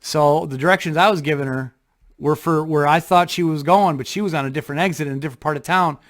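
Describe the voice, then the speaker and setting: Animated man telling a rambling story. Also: on the high side, quick pace. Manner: animated, acts out voices and rambles with restarts; blunt with casual swearing. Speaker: vlogger telling a personal story. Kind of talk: casual storytelling.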